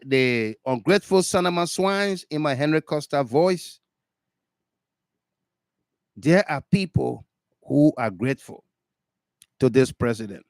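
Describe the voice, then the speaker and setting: A man hosting a radio talk show, commenting in a drawn-out, emphatic, chatty way. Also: mid-range voice, dry recording.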